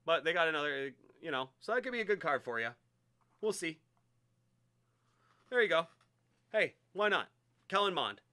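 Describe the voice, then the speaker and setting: A man hosting a live-streamed sports card break, chatty and excitable as he hypes each card he pulls. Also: on the high side, moderate pace, pauses often.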